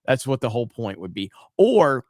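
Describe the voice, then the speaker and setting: A man's voice: mid-range voice, moderate pace, no room sound, clean studio sound. Easygoing male stream host. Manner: relaxed, many ums and uhs. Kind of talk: casual live-stream chat, reading viewer comments.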